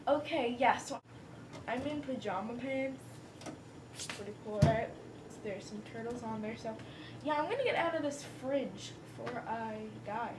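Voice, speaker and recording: A woman's voice: on the high side, a little slow, distant mic. A young woman hosting a casual vlog in a goofy, playful way, filmed from inside a fridge in a basement. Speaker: vlogger. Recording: echoey, noisy home video.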